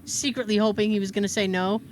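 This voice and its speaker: A woman's voice: medium pitch, fast, a little hiss or hum. A woman in her thirties co-hosting a casual podcast, telling a story and acting out the dialogue. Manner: animated, acts out quoted dialogue. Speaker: podcast co-host.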